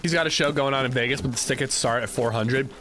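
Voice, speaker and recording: Male streamer, young adult, easygoing chatter, mid-pitched voice, noisy audio. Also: fast talker. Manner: relaxed, chatty, reads chat aloud. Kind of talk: casual gameplay chat with viewers.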